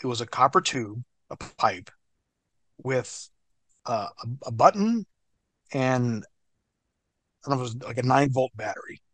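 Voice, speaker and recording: A man who is a guest in an interview, telling a story in an animated, profane way. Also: mid-range voice, unhurried, long pauses, dry recording.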